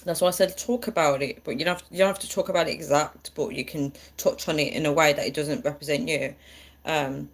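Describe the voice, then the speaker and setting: A woman's voice: deep voice, steady tone, fairly quick. A woman hosting a live stream, chatting with viewers in a chatty and encouraging way. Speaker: livestream host.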